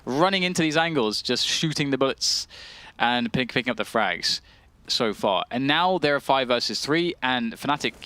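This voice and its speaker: A man's voice: medium pitch, lively intonation, moderate pace, few pauses, bright, forceful tone, dry recording. A man co-commentating an esports match, chatting in a rambling way with many fillers and restarts. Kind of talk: colour commentary and chat.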